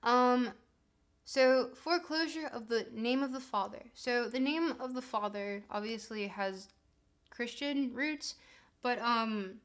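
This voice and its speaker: Streamer type: Canadian woman with a slightly high voice, chatty, digressive and profane, talking casually to her chat. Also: a bit bright. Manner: rambling, profane, quick tangents while answering chat.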